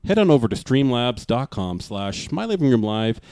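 A man hosting a live-streamed music show, chatting casually and often pausing with "uh" as he reads out viewer comments. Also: medium pitch, very animated, mellow, clear, resonant tone, no room sound. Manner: rambling, fills pauses with uh. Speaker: livestream show host.

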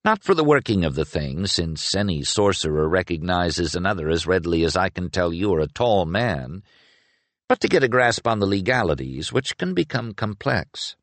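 An earnest, curious young sorcerer argues his case eagerly, as a man reading the book puts him on. The low voice lifts a little and moves in lively swings. The sound is close and dry. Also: moderate pace, dry recording. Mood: explaining. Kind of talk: audiobook character reading.

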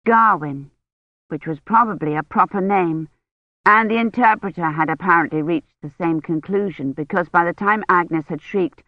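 A reader delivers the story in a steady, measured way, neither high nor low in pitch. The sound is dull and lo-fi, with a close, dry feel and no room around it. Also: no echo. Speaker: audiobook narrator. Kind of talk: scripted audiobook narration.

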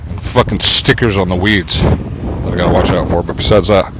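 A man's voice: low voice, fairly even intonation, normal speed, background noise. An older man rambling on a city street into a small wire mic, profane and irritable, talking to himself and the camera. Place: outdoors on a city street with traffic. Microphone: small wire mic worn on body. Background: passing cars and motorcycles.

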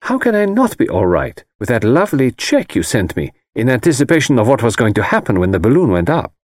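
A man's voice: mid-range voice, wildly swooping pitch, quick pace, a little mellow, no echo, clean studio sound. A man voicing a confident, cheerful young woman in an audiobook reading, breezy and a little teasing. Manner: breezy, self-assured, teasing.

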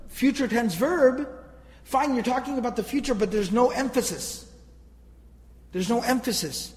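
In a big room with poor audio quality, a man with a very high, slightly mellow voice explains Quranic grammar to listeners. He is emphatic, poses rhetorical questions, and often repeats himself.

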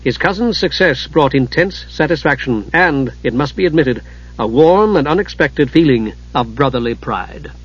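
Male narrator, fantasy audiobook, husky voice, slightly high, dull lo-fi recording. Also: moderate pace. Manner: steady, dramatic storytelling.

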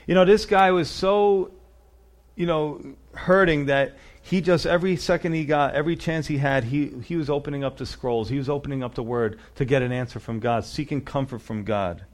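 Earnest man preaching, slightly high voice. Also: moderate pace. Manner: earnest, emphatic preaching with frequent "you know" and "you see". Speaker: pastor. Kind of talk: sermon.

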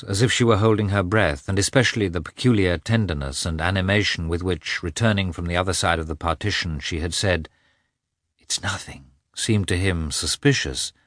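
A man narrating a classic novel aloud in a measured, expressive reading. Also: sits low, dry recording, clean studio sound. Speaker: audiobook narrator.

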